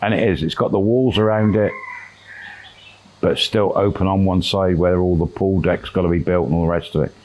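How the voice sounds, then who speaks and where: A man telling a long story in a relaxed, rambling way, with fillers and quoted dialogue. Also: low-pitched, normal speed, low-quality recording. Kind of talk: casual spoken storytelling.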